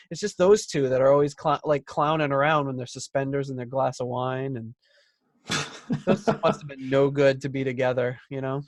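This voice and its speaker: A podcast co-host talking in a relaxed, joking way. His voice sits at a middle pitch. The sound is dry and close, with no room around it. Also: a little fast, no room sound. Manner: chatty, joking, reads out listener posts. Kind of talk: casual chat.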